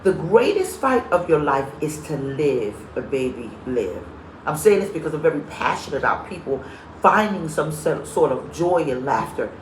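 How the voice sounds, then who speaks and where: Greeting viewers by name as she preaches, a woman pastor tells humorous stories in a lively live-streamed sermon. Her deep voice keeps a moderate pace, and the echoey room carries slight background noise.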